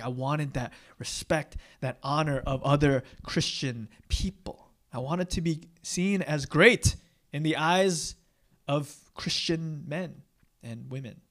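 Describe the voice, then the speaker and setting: A young man delivers a relaxed, conversational sermon in a slightly raised voice. He talks candidly and pokes fun at himself. He keeps checking in with his listeners with a quick "right?" as he goes. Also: on the high side. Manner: candid and self-deprecating, many fillers and rhetorical "right?". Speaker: pastor.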